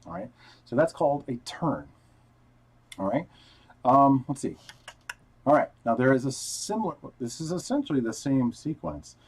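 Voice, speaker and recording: A man's voice: mid-range voice, sing-song, normal speed, long pauses, darkish tone, breathy edge, poor audio. A man teaching guitar technique in a casual live-streamed lesson, explaining step by step and counting notes aloud while he plays. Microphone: headphones on, wired mic. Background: guitar playing.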